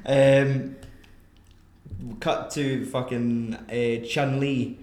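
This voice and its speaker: A man's voice: medium pitch, level tone, drawn-out words, a little mellow, reverberant. A man co-hosting a podcast, rambling and swearing through a casual film review. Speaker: podcast co-host. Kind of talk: casual movie review chat.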